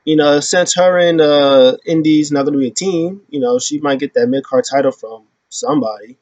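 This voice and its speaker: A man hosting a casual wrestling recap, retelling events in an animated way and acting out the quotes. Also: a little high, normal speed, no room sound. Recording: dull lo-fi sound.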